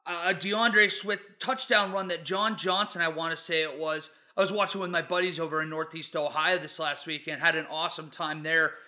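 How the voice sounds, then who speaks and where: A man with a high, strikingly bright and sharp voice talks football in a loose, chatty way. He rambles through his points like a friend retelling a game, with a pitched-up, piercing edge to every line. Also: steady tone, moderate pace, hardly any pauses. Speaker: sports show co-host. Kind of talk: casual football chat.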